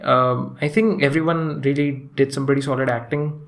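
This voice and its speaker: Casual male film reviewer, mid-pitched, hesitant delivery, lots of restarts and filler words. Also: fairly even intonation, gravelly. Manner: halting and hesitant, frequent restarts and fillers, chuckles often. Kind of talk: casual spoken movie review.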